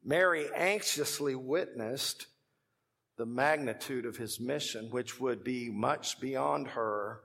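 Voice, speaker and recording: A man's voice: medium pitch, takes it slowly, gravelly, a bit bright, big-room sound. A man with a Texan accent preaching a sermon as pastor, telling stories in a conversational way and building to emphatic points. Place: church sanctuary.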